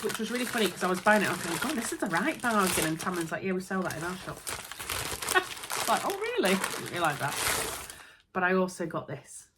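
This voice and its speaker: A woman's voice: on the low side, fairly bright tone, a little hiss or hum. A woman with a Yorkshire accent chatting casually to camera as a sewing vlogger, giggly and often interrupting herself. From Yorkshire, England.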